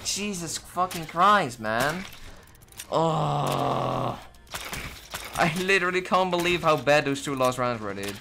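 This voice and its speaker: A man's voice: a little high, huge pitch swings, takes it slowly, vocal fry, long pauses, bright, forceful tone, a little hiss or hum. A man livestreaming a shooter game, talking in an exasperated, swear-heavy casual rant to his viewers. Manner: exasperated, swearing, ranting after a loss. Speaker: gaming livestreamer. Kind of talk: casual live commentary.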